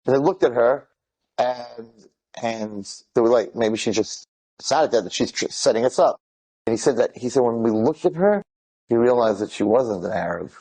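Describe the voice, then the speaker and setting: A man, retelling stories in an excited, rambling way, mixing in Hebrew and Yiddish words. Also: mid-range voice, moderate pace, slightly rough. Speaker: speaker telling inspirational stories. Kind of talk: animated storytelling talk.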